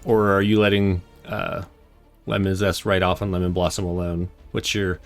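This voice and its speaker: Man, low voice, game master, halting easygoing narration, faint music behind. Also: level tone.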